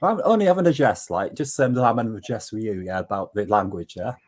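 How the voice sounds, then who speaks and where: Husky English man ranting bluntly. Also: lowish voice, animated, fast talker. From England. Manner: blunt, ranting, joking with "mate". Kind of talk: casual chat.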